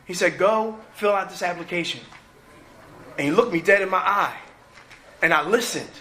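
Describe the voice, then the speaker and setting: A middle-aged man from New Jersey sharing his personal recovery story at a meeting, animated and acting out what people said. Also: high voice, moderate pace, a little hiss or hum. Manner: animated storytelling, acts out quotes.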